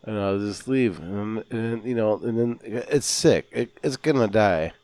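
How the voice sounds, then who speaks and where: A man making a prank phone call, rambling deadpan with lots of filler words. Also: lowish voice, a little slow, no echo. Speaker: prank caller.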